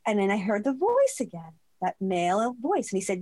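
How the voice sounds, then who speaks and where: In a mid-range voice, a woman guest recounts a personal story in conversation, expressive and quick to laugh while acting out quoted voices.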